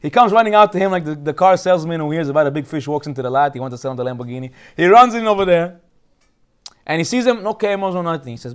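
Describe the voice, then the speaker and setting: A quick-talking man with a slightly raised pitch, telling a Torah story in a loose, joking way. He is a rabbi who grew up speaking Hebrew, and he laughs along with his own jokes as he tells it. His delivery is animated and casual, with nothing of a formal sermon in it. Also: clear, resonant tone. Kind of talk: casual humorous Torah talk.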